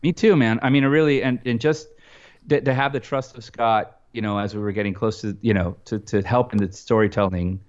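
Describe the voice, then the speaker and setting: A man's voice: fairly low pitch, fairly even intonation, brisk, highs cut off. A man, a film composer, talking casually in an interview, rambling with lots of restarts and fillers.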